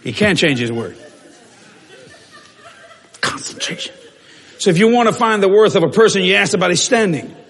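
A man preaching a lively church sermon, joking and breaking into shouted bursts, with a husky voice. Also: high-pitched, normal speed, long pauses, some chatter behind. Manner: animated, shouting in bursts, joking, acting out quotes. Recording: long reverb of a church hall.

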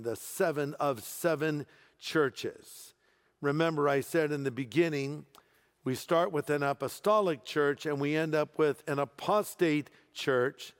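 Pastor preaching in a reverberant hall. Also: male voice, a little high. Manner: emphatic preaching with humorous asides. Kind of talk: sermon. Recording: long reverb of a large hall.

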